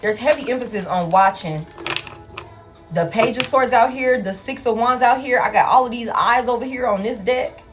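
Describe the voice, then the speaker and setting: This tarot reading comes from a woman whose voice is on the high side, speaking at normal speed with soft music underneath. Addressing her viewers as "y'all," she's casual, direct and profane.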